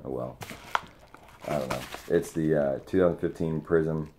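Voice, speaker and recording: A man opening sports card mail on camera, chatting excitedly to the friend who sent it. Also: extremely low pitch, normal speed, background noise. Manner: excited, talks to the sender directly. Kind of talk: casual unboxing vlog.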